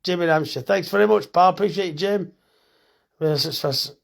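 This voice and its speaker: A man's voice: high-pitched, moderate pace, creaky. A middle-aged man, a farmer and butcher, chatting casually and bluntly on a phone live stream, reading out comments and swearing now and then.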